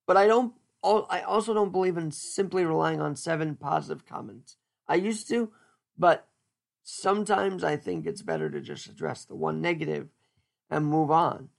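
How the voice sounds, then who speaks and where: A man's voice: a little high, lively intonation, normal speed, creaky. A man hosting a podcast, chatting casually and joking as he thinks aloud, often restarting his words. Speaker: podcast host. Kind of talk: casual solo podcast chat.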